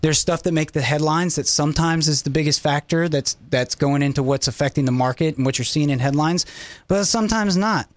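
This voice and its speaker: Animated man explaining finance. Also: fairly high pitch, brisk, no echo. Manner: animated, rambling, full of fillers. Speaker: finance guest. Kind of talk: casual chat.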